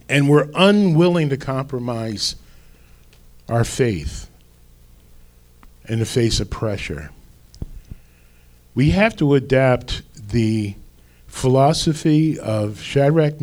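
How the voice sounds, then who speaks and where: A man preaching a sermon as pastor, slow and deliberate with emphatic rises. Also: medium pitch, a little mellow.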